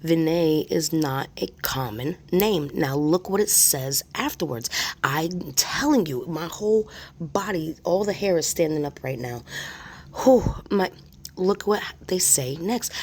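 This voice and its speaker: A woman's voice: low-pitched, slightly rough. A woman hosting a spirit box session, thinking aloud in a hesitant, musing way. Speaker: host.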